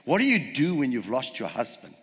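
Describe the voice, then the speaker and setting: A man's voice: medium pitch, huge pitch swings, fairly quick, fairly bright tone. A man preaching a sermon, retelling a story and firing rhetorical questions at the congregation. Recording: long hall reverb.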